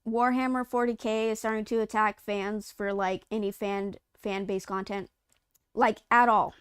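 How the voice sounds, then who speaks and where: A woman's voice: mid-range voice, fairly even intonation, moderate pace, smooth, no room sound, studio quality. A woman co-hosting a live gaming news stream, chatting casually with lots of fillers and restarts. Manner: rambling, many fillers and restarts. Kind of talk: casual chat.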